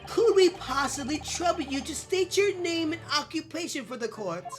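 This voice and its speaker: A woman's voice: sits high, lively intonation, moderate pace, pitched above the performer's own voice. A woman voicing a courteous male courtroom judge from a video game, reading his lines in a formal, polite manner. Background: game music.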